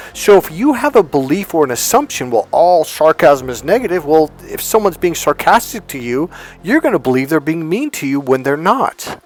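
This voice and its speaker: Guy doing a relationship coaching talk, mid pitch, chatty, faint music under it. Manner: conversational, retells exchanges in quoted dialogue. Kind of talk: casual motivational talk to camera.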